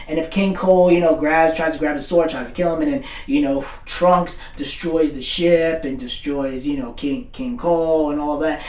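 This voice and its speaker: A man in a casual, excitable recap rant about an anime, rambling, swearing and filling gaps with "blah, blah". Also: a little high, moderate pace, hardly any pauses, highs cut off. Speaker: anime commentator. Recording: roomy, far from mic.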